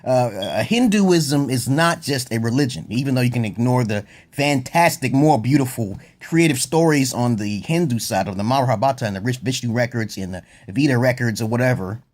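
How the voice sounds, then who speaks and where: A man vlogging a rambling comedic monologue, swearing freely, drifting off topic and jumping suddenly into a high, excited voice. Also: moderate pace, hardly any pauses. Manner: profane, digressive, often breaks into laughter.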